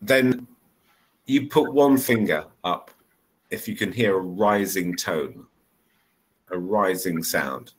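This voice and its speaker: In a one-on-one online English lesson, a man explains things patiently with repeated examples over video call. His low voice moves at a slow pace with frequent pauses, and the audio quality is poor.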